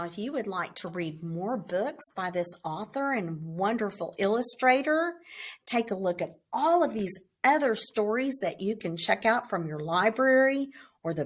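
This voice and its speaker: A woman teacher reading a picture book aloud to children, slow and expressive, then giving a short lesson. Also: medium pitch. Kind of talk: children's read-aloud storytime.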